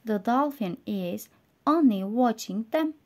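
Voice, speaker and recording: A woman with a Turkish accent teaching English vocabulary and reading a simple story aloud, slow and clear, going word by word. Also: a little high, expressive, mellow. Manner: slow, clear, explaining words one by one.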